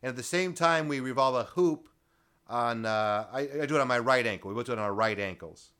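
A male podcast host talks fast in a casual interview, slipping in dry jokes at his guest's expense. His voice sits at an ordinary middle pitch. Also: a bit bright, clear, resonant tone. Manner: dry teasing humor.

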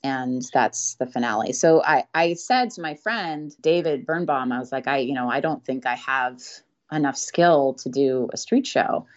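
Street performer guest, a woman with a low voice who tells stories in a chatty way and laughs often. Dull lo-fi audio. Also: normal speed. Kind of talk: casual interview storytelling.

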